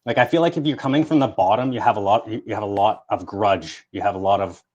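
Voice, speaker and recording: A man's voice: lowish voice, quick pace, dull audio. A man hosting a live call-in stream, casually chatting and agreeing with his caller. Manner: relaxed, agreeable, laughs along. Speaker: stream host. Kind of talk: casual chat.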